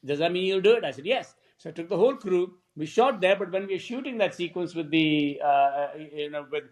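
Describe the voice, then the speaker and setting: Brief: older male director guest, high voice, animated anecdotes, acts out dialogue, laughs a lot. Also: brisk. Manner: animated storyteller who acts out quoted dialogue; laughs often while talking. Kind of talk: podcast interview storytelling.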